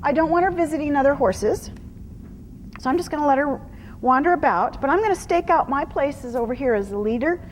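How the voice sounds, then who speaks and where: In a large hall with slight background noise, a woman with a high voice speaks fairly quickly. She's giving a live horse-training demo, explaining every step to the crowd between soft, cooing praise for the horse.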